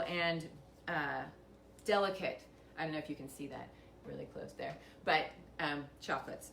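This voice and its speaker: A woman walks viewers through a wine tasting in a chatty, upbeat way, with a few jokes at her own expense. Her voice sits somewhat low. The camera mic catches her from a distance in a roomy, echoing tasting room. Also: a bit bright, slight background noise. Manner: chatty and upbeat, with light self-mocking humor. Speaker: winery host giving a tasting lesson. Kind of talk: casual instructional demonstration. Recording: echoey room, voice picked up from a distance.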